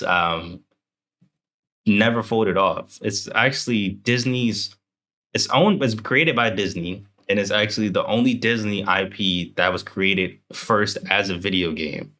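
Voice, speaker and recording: A man's voice: fairly low pitch, fairly even intonation, a little slow, fairly bright tone. A young man co-hosting a podcast, chatting casually in a rambling, joking way. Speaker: podcast co-host.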